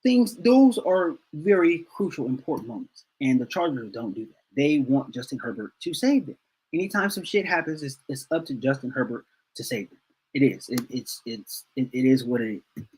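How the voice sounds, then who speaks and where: A man's voice: medium pitch, animated, moderate pace, darkish tone, breathy edge, poor audio. A man hosting a fan channel, ranting heatedly and repeating himself for emphasis about a football game. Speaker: sports channel host. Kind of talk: fan commentary rant.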